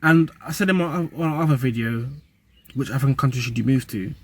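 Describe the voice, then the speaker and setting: A young man talks to his camera in a loose, slang-heavy vlog monologue. His voice is husky and sits at an ordinary middle pitch. He keeps things animated and conversational, throwing in street phrases as he goes. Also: fairly quick. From UK and Nigeria. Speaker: vlogger.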